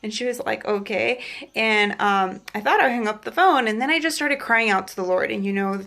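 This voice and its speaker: Young woman vlogging a testimony, chatty, lots of "like", a bit of vocal fry. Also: a little high, brisk, a bit bright. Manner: chatty, fillers of "like", acts out quotes. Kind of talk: casual testimony vlog. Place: Los Angeles area.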